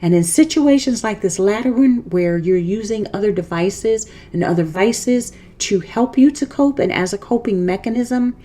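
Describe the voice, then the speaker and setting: Animated and dark-toned at medium pitch, a woman hosting an inspirational faith podcast talks at a moderate pace with few pauses. Earnest and emphatic, she encourages her listeners directly, repeating and rephrasing what she says.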